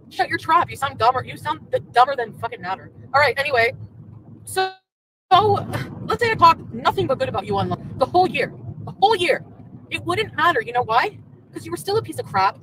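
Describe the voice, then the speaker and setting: A woman's voice: high voice, sing-song, a little fast, a bit bright, slight background noise, poor audio. A woman streamer in a car, ranting furiously and profanely at an ex. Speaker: streamer in a played clip. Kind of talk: angry rant at an ex. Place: in a moving car.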